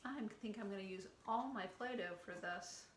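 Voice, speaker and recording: A middle-aged woman leading a circle time lesson for young children, gentle and encouraging, praising each child by name. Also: medium pitch, moderate pace. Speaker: preschool teacher. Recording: echoey room with faint ambient noise.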